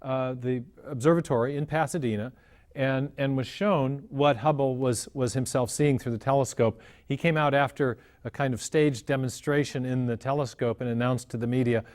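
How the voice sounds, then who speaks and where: Measured man explaining science. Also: mid-range voice, fairly even intonation, darkish tone. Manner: measured, often restarts phrases. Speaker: guest explaining cosmology. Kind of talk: explanatory lecture-style talk.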